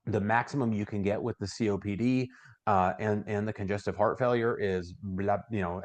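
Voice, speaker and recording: A middle-aged man giving casual sales training, talking conversationally and acting out client conversations in a brighter voice. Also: fairly low pitch, fairly quick.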